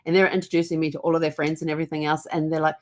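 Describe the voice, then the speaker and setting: Rapid-fire and level in tone, her voice sits low. The speaker is a middle-aged genealogy vlogger from New Zealand, casually recounting family stories with the odd laugh.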